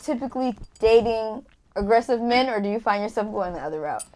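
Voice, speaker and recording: A woman's voice: on the high side, lively intonation, fairly quick, a little mellow. Joking, slangy woman host. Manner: candid, joking, uses slang. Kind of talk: casual interview chat.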